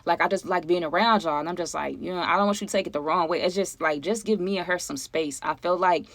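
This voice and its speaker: A woman chatting casually to her viewers as she tells a personal story, animated and conversational, often asking them for their opinions. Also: fairly low pitch, fast talker, gravelly, no room sound. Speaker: storytime vlogger.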